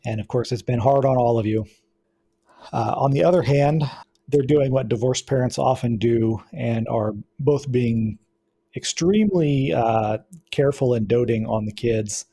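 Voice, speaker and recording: Guy running a tabletop game, warm husky voice, laid back, keeps restarting his sentences. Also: medium pitch, measured pace. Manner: relaxed, explanatory, with frequent restarts. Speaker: game master.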